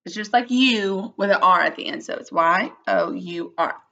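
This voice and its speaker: A woman teacher giving a slow, patient early-grade phonics lesson, spelling out letters and sounding out words. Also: mid-range voice, creaky, bright, forceful tone, lo-fi sound.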